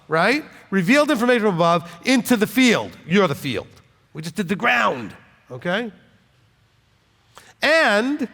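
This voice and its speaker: A man's voice: high voice, gravelly, a bit bright, in a large hall. A man, a rabbi, giving an informal sermon in a blunt, conversational way, often checking in with "okay?" and joking as he goes. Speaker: rabbi teaching scripture.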